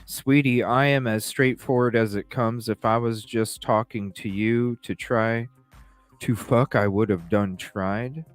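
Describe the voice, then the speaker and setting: A man's voice: on the low side, fairly even intonation, a little slow, dry recording, faint music behind. A man hosting a podcast, reading text messages aloud and reacting with profane, incredulous commentary. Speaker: podcast host.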